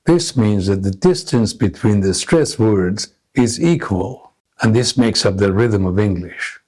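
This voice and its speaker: A man narrating a scripted English lesson, explaining pronunciation slowly and deliberately. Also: lowish voice, animated, darkish tone. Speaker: English teacher.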